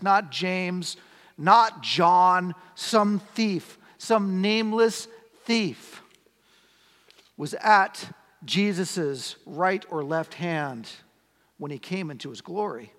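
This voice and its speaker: A man's voice: high-pitched, takes it slowly, a bit bright. A man preaching a sermon as a pastor, conversational, asking the congregation rhetorical questions. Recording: long hall reverb.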